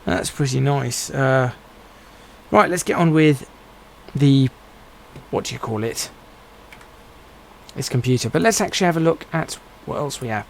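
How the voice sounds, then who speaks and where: A man's voice: mid-range voice, animated, unhurried, vocal fry, long pauses, poor audio. A man streaming a game, giving casual commentary and musing aloud to himself as he plays. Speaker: gaming streamer.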